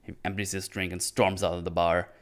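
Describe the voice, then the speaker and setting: Guy with a lowish voice chatting through a recap, rambly, acts out quotes. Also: flat delivery. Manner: rambling retelling with quick quoted lines and filler. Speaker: podcast host recapping a series. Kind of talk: casual chat.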